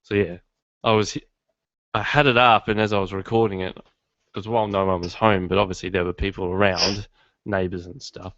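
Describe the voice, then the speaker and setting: A man's voice: low-pitched, little pitch movement, fairly quick, fairly bright tone, no room sound. A man hosting a podcast from his garage, chatting casually in a rambling, self-deprecating way. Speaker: podcast host. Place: home studio in his garage. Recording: dull lo-fi dry sound.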